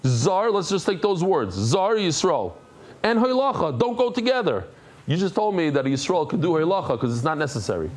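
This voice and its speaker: A man teaching a daily Talmud class. He is animated, repeats phrases, stops to explain Hebrew and Aramaic terms in English, and throws in joking asides to the class. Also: a little high, normal speed.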